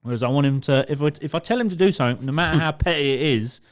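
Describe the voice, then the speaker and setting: A man's voice: a little high, rapid-fire. A young man co-hosting a podcast, telling a story in casual chat, swearing a lot and laughing as he goes. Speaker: podcast co-host.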